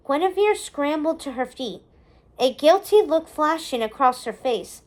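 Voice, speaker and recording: Woman storyteller reading a novel aloud, slow and expressive. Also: high-pitched.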